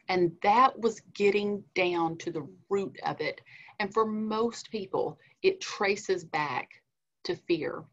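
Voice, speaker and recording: A woman, a licensed counselor giving an earnest, conversational webinar talk on coping with feelings. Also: medium pitch. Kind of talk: webinar presentation. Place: indoors, online webinar. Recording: muffled lo-fi audio.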